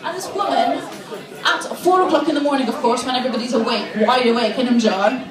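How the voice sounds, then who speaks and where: A woman's voice: high-pitched, a little fast, reverberant, far from the mic, crowd noise. A woman from Malta performing a chatty stand-up comedy set, laughing through her lines. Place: comedy venue on stage. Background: audience.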